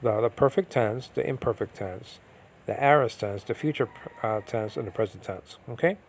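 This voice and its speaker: A man's voice: mid-range voice, normal speed, slight background noise. A man teaching biblical Greek in an informal, rambling way, with many fillers and restarts, often asking if listeners follow.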